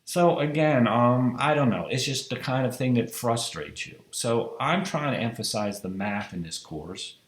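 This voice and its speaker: A male math teacher delivers a recorded lecture in an emphatic, rhetorical way, often checking in with the listener. His voice sits at an ordinary middle pitch. The room around him is echoey. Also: expressive, a little slow, few pauses. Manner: emphatic, rhetorical, keeps asking "right?".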